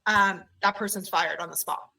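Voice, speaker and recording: Bright-voiced woman childcare owner. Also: medium pitch, moderate pace, gravelly, far from the mic, poor audio. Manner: animated, acts out quoted voices. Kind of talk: conversational interview storytelling.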